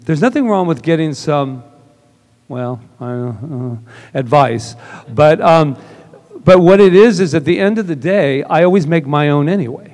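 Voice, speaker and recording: A man's voice: fairly high pitch, lively intonation, normal speed, a little mellow. Man preaching a chatty, storytelling sermon. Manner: casual and chatty, acts out quoted dialogue. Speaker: minister. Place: church service.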